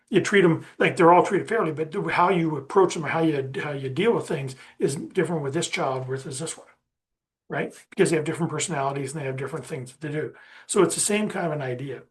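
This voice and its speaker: A man's voice: a little high, fast. Rambling man teaching a negotiation webinar. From Canada. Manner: conversational, rambling with many restarts and "you know". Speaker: negotiation workshop presenter. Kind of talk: presenting a webinar lesson.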